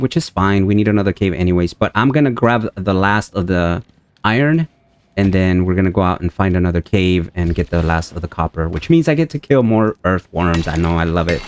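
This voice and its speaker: Man, low voice, let's play gamer, casual commentary, chatty, talks to viewers. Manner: chatty, talks to viewers, jumps to high-pitched panic when things go wrong.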